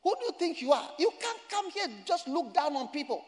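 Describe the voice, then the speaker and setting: A man voicing an indignant, proud man who scolds a stranger, shouting and repeating himself. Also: extremely high pitch, very animated, a little fast, voice pushed up. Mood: angry. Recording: echoey hall reverb.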